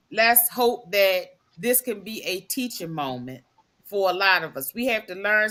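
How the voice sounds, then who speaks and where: Slow, bright-voiced woman panelist. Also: on the low side. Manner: earnest, measured appeal to the listeners. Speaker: podcast panelist. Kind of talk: live podcast commentary.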